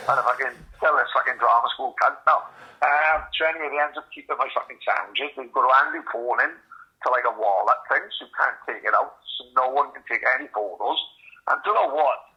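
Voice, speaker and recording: Man, 40s, podcast host, rambling storyteller, swears constantly, medium pitch, slightly dull lo-fi audio. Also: quick pace. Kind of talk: casual chat.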